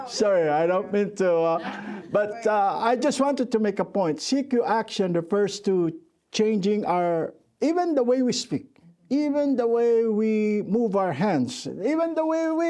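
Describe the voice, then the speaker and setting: Middle-aged man, high and mellow. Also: big pitch swings, a little slow. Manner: joking, self-deprecating storyteller with many restarts. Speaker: conference workshop co-presenter. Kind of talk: conference workshop talk.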